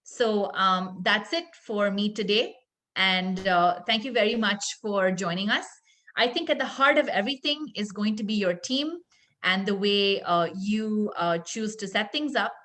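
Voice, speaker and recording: A woman giving closing remarks as a guest presenter in a webinar, speaking in a friendly, advising way with soft fillers, heard over a video call. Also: medium pitch, measured pace.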